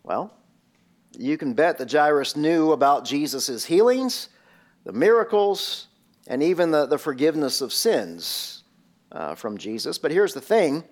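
Slow, emphatic male preacher. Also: fairly high pitch, big pitch swings. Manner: emphatic, rhetorical questions. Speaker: pastor. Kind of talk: sermon.

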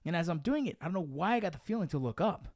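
A man's voice: sits high, racing, no room sound, studio quality. A young man telling a story in a casual podcast chat, swearing often and calling the listener dude and bro. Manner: profane, animated, says dude and bro.

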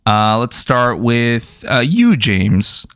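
A man's voice: mid-range voice, sing-song, extremely slow, a bit bright, clear, resonant tone, no room sound, studio quality. A young man co-hosting a movie review podcast, talking loosely, joking and swearing. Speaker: podcast co-host. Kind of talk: casual movie review chat.

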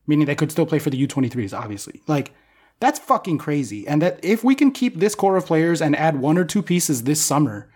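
A young man co-hosting a casual podcast chat, excitable and swearing freely as he rambles as a fan. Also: on the high side. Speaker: podcast co-host.

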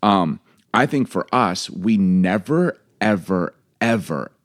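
A man's voice: low voice, slow, no echo, studio quality. A man in his forties, a father and co-host, telling family stories in casual chat and acting out the voices. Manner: animated storyteller, acts out quotes.

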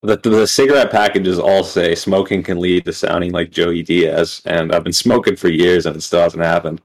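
A man's voice: sits low, fairly even intonation, normal speed, rough recording. A man co-hosting a podcast in casual chat, joking dryly and wisecracking. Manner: dry, wisecracking. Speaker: podcast co-host.

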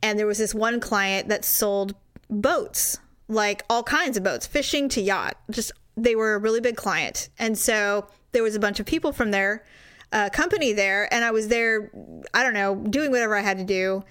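A woman's voice: medium pitch, moderate pace, fairly bright tone, smooth, no room sound, studio quality. A middle-aged woman telling a story in casual chat, acting out quotes in big voices.

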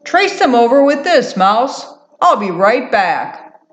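A gentle, shy male mole from a children's storybook, read by a woman in close to her own voice. He talks slowly and calmly, and the voice carries a roomy echo. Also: on the high side, pitched above the performer's own voice.

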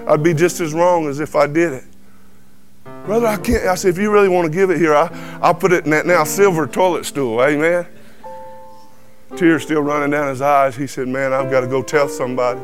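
A man's voice: a little high, fairly quick, music in the background. A man giving a folksy personal testimony, acting out the voices of people in his story. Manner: animated storyteller who acts out quoted dialogue. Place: truck cab.

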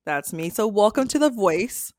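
A woman co-hosting a podcast in casual chat, with a naturally raspy, smoky-sounding voice and a sore throat. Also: mid-range voice, lively intonation, moderate pace, darkish tone. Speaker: podcast co-host.

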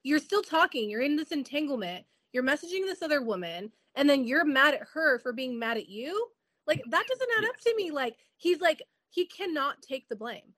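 A woman's voice: high voice, expressive, a bit bright, no room sound, clean studio sound. A woman co-hosting a podcast, talking in an exasperated way and full of "like" in casual recap chat. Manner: exasperated, fast-talking with lots of "like". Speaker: podcast co-host.

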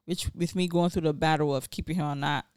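A woman's voice: sits low, steady tone, fast, a little mellow, clear, resonant tone, no room sound, studio quality. A young woman co-hosting a podcast, chatting candidly and swearing freely. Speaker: podcast co-host. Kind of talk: casual chat.

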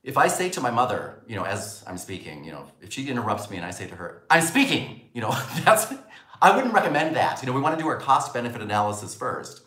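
A communication coach with a fairly low voice delivers a spoken lesson on communication at a fast clip with few pauses, animatedly acting out the lines he quotes. The room gives the recording a noticeable echo.

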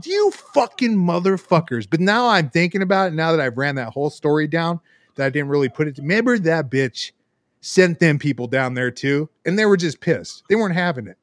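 A man with a slightly high voice talks fairly quickly in a dry recording, sharing a story on a casual podcast. Profane and animated, he curses often and performs the voices of the story's characters.

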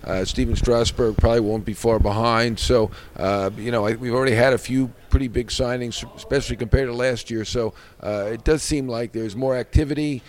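A man working as a baseball reporter, answering interview questions in a measured way with many filler "uh"s. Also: medium pitch, fairly even intonation.

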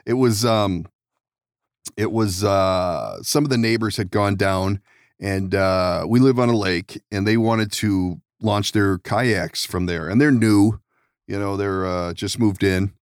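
A man's voice: fairly low pitch, slow pace, smooth, no echo, clean studio sound. A man hosting a podcast, telling rambling stories in casual chat, laughing often and swearing. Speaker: podcast host.

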